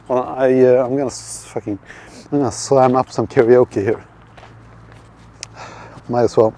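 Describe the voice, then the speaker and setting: A man from Sweden streams as he walks outdoors on a city street at night, his dark mid-range voice steady and measured, with long pauses. He rambles, swears, restarts and reads chat aloud, and faint street and traffic noise can be heard.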